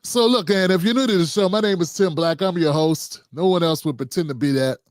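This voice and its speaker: A man's voice: high-pitched, brisk, no room sound, studio quality. Joking man hosting a casual talk show. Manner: loose, joking, rambling with slang and asides. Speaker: host.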